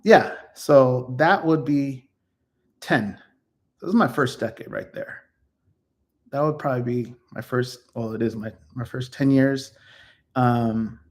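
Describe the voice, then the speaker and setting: A man in his fifties telling stories from his own life in a casual, rambling way, full of ums and self-corrections. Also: medium pitch. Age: 50s. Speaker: YouTuber reflecting on his life. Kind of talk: casual personal storytelling.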